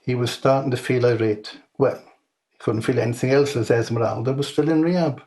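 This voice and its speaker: Man narrating a deadpan comic story. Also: medium pitch, a little fast. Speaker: author reading his own story.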